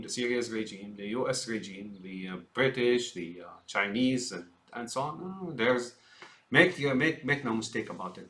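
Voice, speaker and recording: Rambling man with a bright edge. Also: medium pitch. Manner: rambling, many fillers, addresses listeners as folks; acts out quoted politicians in mocking voices. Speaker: political ranter. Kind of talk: unscripted political rant.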